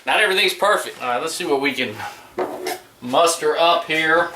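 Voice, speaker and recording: With a fairly high, expressive voice at normal speed, a middle-aged Gulf Coast man grills in his backyard and talks casually to his audience. He's an easygoing, chatty home cook vlogger making a relaxed cooking vlog. The audio is roomy and distant, faint noise underneath.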